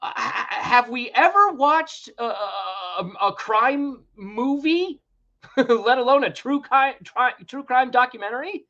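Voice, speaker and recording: A man's voice: extremely high pitch, lively intonation, measured pace, sharp tone, lo-fi sound. A man hosting a podcast, ranting emphatically and swearing freely. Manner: heated, emphatic, swears freely, laughs in disbelief. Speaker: podcast host. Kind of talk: opinionated podcast rant.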